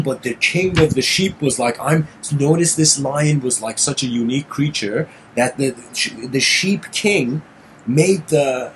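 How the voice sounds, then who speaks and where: A man's voice: a little high, a bit bright, slight background noise, poor audio. A man lecturing in a casual, meandering storytelling way. He often restarts phrases and adds "you know".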